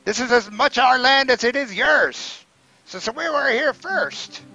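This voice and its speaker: A man's voice: very high voice, expressive, a little slow, muffled recording, voice pushed up, exaggerated voice. A man voicing pompous orc and goblin leaders in a raised, formal way. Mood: insistent. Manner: raised, loud, formal speech.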